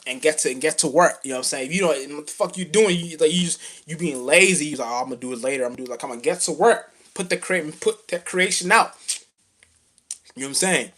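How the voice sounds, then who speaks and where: Male rapper, slightly higher voice, rambling profane spiritual rant, streetwise slang, fervent. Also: brisk, a bit bright, slight background noise. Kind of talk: casual spiritual rant to camera.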